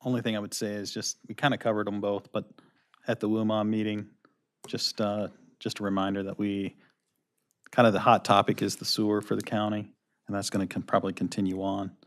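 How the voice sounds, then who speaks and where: A man's voice: on the low side, flat delivery, a little fast. A man speaking as a council member at a town meeting, informal and a bit rambling. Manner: casual, rambling.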